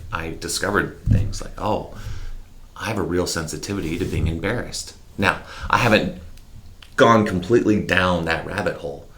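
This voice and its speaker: Deep-voiced man telling candid stories. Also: slight background noise. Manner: candid, animated, mimics horn sounds. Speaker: interview guest. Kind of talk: reflective conversational storytelling.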